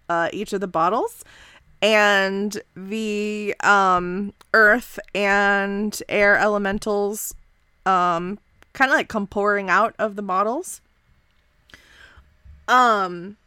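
A woman runs a tabletop game at an unhurried pace, her voice bright and close with a dry sound. She narrates casually, with many fillers and small laughs. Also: mid-range voice, clear, resonant tone, no room sound. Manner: relaxed, filler-heavy, giggly. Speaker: game master.

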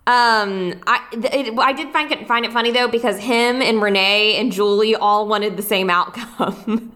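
A woman's voice: medium pitch, steady tone, moderate pace, pushed and bright. A young woman co-hosting a casual rewatch podcast, giggling and restarting her sentences as she talks. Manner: giggly, hesitant, many restarts. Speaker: podcast co-host.

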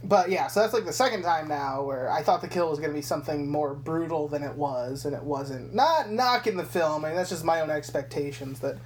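A woman's voice: sits low, brisk, few pauses, a little hiss or hum. A young woman co-hosting a podcast, casually recapping a movie scene by scene, swearing freely and acting out characters' lines. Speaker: podcast co-host. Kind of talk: casual film recap chat.

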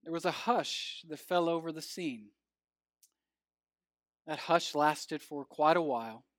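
A man preaching as pastor, reading scripture in a measured, earnest way and telling a story, his phrase ends falling soft. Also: on the high side, dry recording, clean studio sound.

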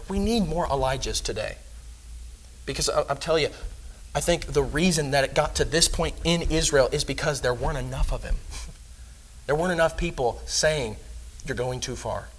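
Emphatic man preaching a sermon. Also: on the high side. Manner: earnest, emphatic, rising loud on key points.

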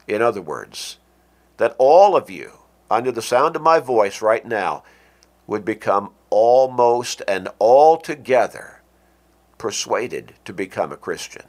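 Slow, earnest male radio preacher. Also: fairly low pitch, big pitch swings, darkish tone. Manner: earnest, measured preaching with slow deliberate stresses. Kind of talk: radio sermon.

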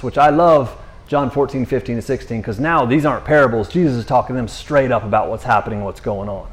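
Man preaching in a loose, slangy way. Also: medium pitch. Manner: slangy, conversational, restarts often. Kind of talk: casual sermon.

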